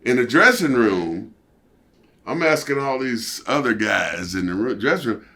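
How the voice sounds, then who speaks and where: An older man, a former wrestler, telling a story as an interview guest in a casual, animated way and acting out what others said. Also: mid-range voice, measured pace, gravelly. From United States. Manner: animated, acts out quoted voices.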